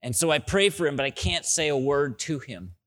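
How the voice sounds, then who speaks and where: A middle-aged male pastor preaching a sermon and telling stories, with loud, excited bursts that drop into soft, low asides. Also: a little fast.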